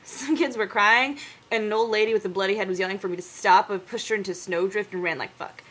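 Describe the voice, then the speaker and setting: A woman's voice: medium pitch, steady tone, fast, a bit bright, slightly rough. A woman reading a parody diary aloud as a crude, brash young man, in a swaggering and profane storytelling manner. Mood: crude boasting.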